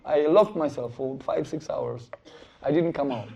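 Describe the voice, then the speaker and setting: A middle-aged man giving a spiritual lecture, telling stories in an animated way and acting out the quotes, on a dull lo-fi recording. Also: on the high side, measured pace, gravelly, breathy edge. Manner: animated storytelling with acted-out quotes. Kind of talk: sermon storytelling.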